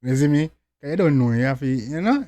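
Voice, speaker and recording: A man's voice: on the high side, lively intonation, fairly quick, dark tone, no echo. A young man with a Jamaican accent hosting a music reaction, slangy and talkative, full of catchphrases. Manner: slangy, repeats "you see me" and "dog", exclaims with outbursts. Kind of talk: casual reaction commentary. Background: faint music.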